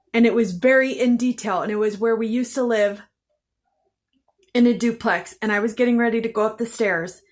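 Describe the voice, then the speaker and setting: A woman telling her own story to camera in an intense, bitter way, swearing heavily and repeating phrases for emphasis. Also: mid-range voice. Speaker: vlogger. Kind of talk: emotional personal storytelling.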